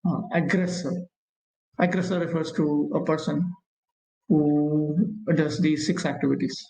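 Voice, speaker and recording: A man leads a scripture lesson. He chants verses slowly and explains them with frequent pauses and fillers. His slightly high, gravelly voice rings in an echoey room. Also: steady tone, warm tone. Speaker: scripture teacher. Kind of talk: scripture class lecture, reading and explaining verses.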